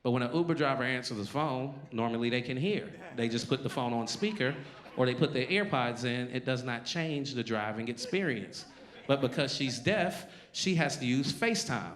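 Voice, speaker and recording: A man's voice: medium pitch, moderate pace, fairly bright tone. A male stand-up comedian performing a live set with a brash, punchy, conversational delivery. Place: live comedy venue with an audience.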